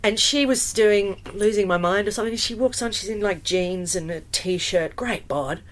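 A woman, a musical theatre performer chatting in an interview, animated and full of fillers and restarts. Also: mid-range voice, moderate pace. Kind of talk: casual interview storytelling.

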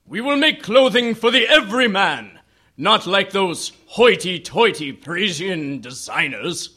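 Pompous alien cult master, high bright voice, slow and theatrical. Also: male voice, lively intonation, husky, heavily acted. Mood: grandiose. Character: grandiose alien cult lord in a man's body. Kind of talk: audio drama acting.

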